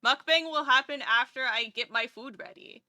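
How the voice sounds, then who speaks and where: Bubbly bright-voiced woman streamer. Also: high-pitched, normal speed, no room sound, studio quality. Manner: bubbly, chatty, gushing over cute things. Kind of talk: casual live-stream chat.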